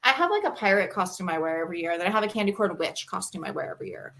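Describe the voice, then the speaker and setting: A woman in her thirties co-hosting a casual podcast, telling stories with lively energy, swearing freely and acting out her kids' voices. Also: fairly low pitch, very fast, vocal fry, slight background noise. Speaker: podcast co-host. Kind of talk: casual chat.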